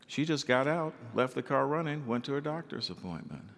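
A male pastor preaching a sermon in an animated way, acting out the people he quotes. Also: medium pitch, fairly quick, vocal fry, long reverb tail.

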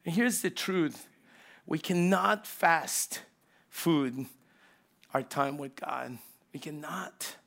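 A middle-aged pastor preaching with a high, bright voice that carries a gravelly edge. He tells stories animatedly, jumping from loud bursts to hushed, close asides. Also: unhurried. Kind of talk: sermon.

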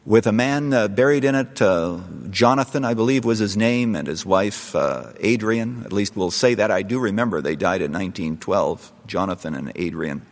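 A man's voice: lowish voice, normal speed, hardly any pauses. A middle-aged male pastor preaching a sermon, telling a story and building to impassioned appeals. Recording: long reverb of a large hall.

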